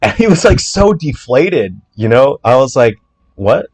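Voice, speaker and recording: A man, an indie game developer, talking through his code in a casual walkthrough, chatty and joking with quick asides. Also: medium pitch, sing-song, a little mellow. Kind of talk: casual livestream coding walkthrough.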